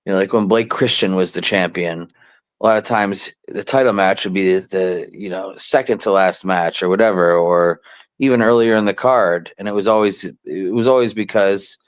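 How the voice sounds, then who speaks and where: A man with a very low voice talks through a casual podcast chat. He is relaxed and halting, full of fillers and restarts. The recording is dry and close. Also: dry recording. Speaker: wrestling promoter, show regular.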